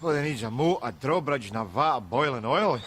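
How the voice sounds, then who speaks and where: In a TV clip with music over it, a man acts as a sitcom character: a scruffy, crude, middle-aged Glaswegian who mocks people with sarcastic asides. His natural, mid-range voice is animated, a bit bright, and moderately paced, with a little hiss or hum.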